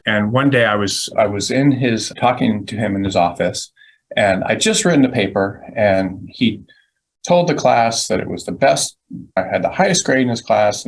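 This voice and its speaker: A middle-aged legal recruiter gives a casual webinar, rambling through stories and restarting often. His fairly low, gravelly voice comes through a low-quality recording with a little hiss or hum.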